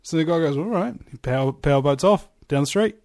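Host, male, fairly high voice, halting delivery with restarts, dry close sound. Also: a little mellow, no room sound. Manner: halting, many fillers and restarts. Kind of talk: conversational interview.

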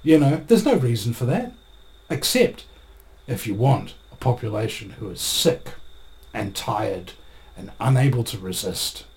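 A man with a New Zealand accent, a guest telling rambling, animated stories in a casual interview. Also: mid-range voice, measured pace.

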